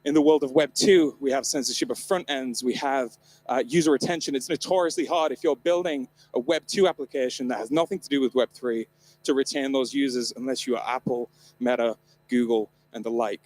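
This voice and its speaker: This conference presenter, a man from the north of England, keeps a brisk pace in a mid-range, darkish voice. His stage keynote at a live event is comedic and irreverent, full of jokes and free swearing.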